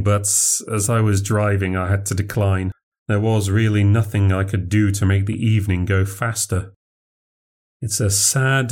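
A man with a British accent narrating a horror story in a measured, dry way. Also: fairly low pitch, a little mellow.

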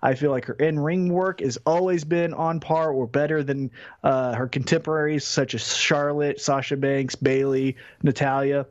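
A man co-hosting a casual wrestling podcast, speaking in a measured, deliberate way. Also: mid-range voice, fairly even intonation. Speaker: podcast co-host. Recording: dull lo-fi audio.

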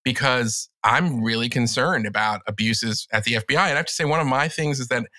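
Man, podcast guest, bright forceful voice, dry close sound, chatty, lots of "like". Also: medium pitch, fairly quick, dry recording. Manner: chatty, enthusiastic, many "like" fillers. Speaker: guest, columnist. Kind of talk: casual podcast conversation.

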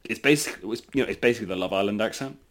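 A British man chatting casually as a podcast co-host. His voice sits fairly low, and his delivery is dry and explanatory. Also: racing, fairly bright tone. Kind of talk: casual chat.

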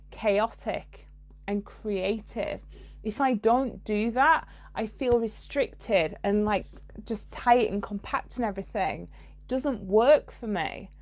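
Blunt, profane woman coach. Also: fairly high pitch. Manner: blunt, swears freely, laughs mid-sentence. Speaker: spiritual coach. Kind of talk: podcast monologue.

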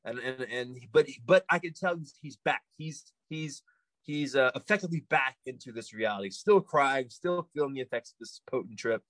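A man as a podcast guest telling a story in a rambling, animated way, with many restarts. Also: medium pitch, moderate pace, no echo, rough recording. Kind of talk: casual anecdote telling.

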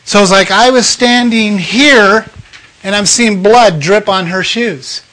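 An older man preaching a personal testimony, telling his story with emotion and sudden swings between loud outbursts and hushed moments. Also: high voice, takes it slowly. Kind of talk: sermon testimony.

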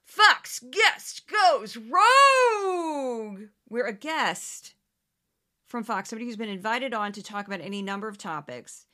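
Woman host, bright, crisp voice, animated and sarcastic, casual monologue. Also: medium pitch, brisk. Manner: animated, sarcastic, mimics others in exaggerated voices. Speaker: podcast host.

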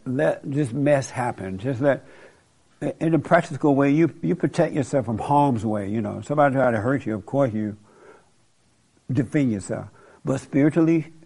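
A man's voice: mid-range voice, darkish tone. A man preaching informally in a blunt, colloquial way, questioning a listener. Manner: blunt, colloquial, laughs at his own points.

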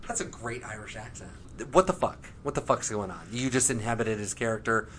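A man hosting a casual, excitable chat about a TV show, swearing often and breaking into quick impressions. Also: medium pitch, slight background noise. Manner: excited, swearing, jumps between voices. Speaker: podcast host.

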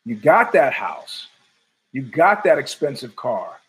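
A man's voice: medium pitch, big pitch swings, slow, fairly bright tone, low-quality recording. A man hosting his own show from home, ranting in a profane, sardonic and digressive way. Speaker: podcast host. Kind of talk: ranting solo commentary.

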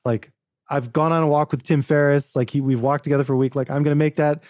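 Animated storytelling man, warm voice. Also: fairly high pitch, quick pace, dry recording, clean studio sound. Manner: animated, acts out quoted dialogue with frequent restarts. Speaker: author and book producer, podcast guest. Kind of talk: casual interview storytelling.

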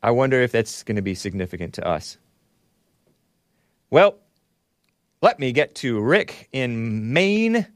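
A man's voice: mid-range voice, sing-song, a little slow, long pauses, no room sound, studio quality. A man hosting a call-in talk show, rambling and musing aloud while he laughs at his own remarks. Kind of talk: casual call-in show chat.

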